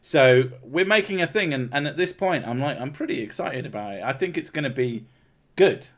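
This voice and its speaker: A man's voice: mid-range voice, expressive, brisk. An English man hosting a livestream, chatting casually, swearing and joking with frequent laughs. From England. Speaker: livestream host. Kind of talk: casual chat.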